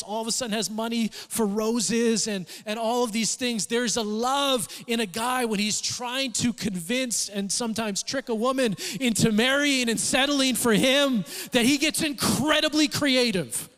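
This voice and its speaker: A man preaching a sermon, telling stories with acted-out quotes in an animated, conversational way. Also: very high-pitched, normal speed, few pauses. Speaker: pastor. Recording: reverberant church hall.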